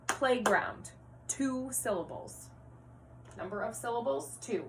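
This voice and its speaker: A woman teaching a first-grade reading lesson to young children at home, speaking clearly and encouragingly and spelling words out letter by letter. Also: medium pitch, very animated, slow pace. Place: home, near her rocking chair. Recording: distant mic with faint hum.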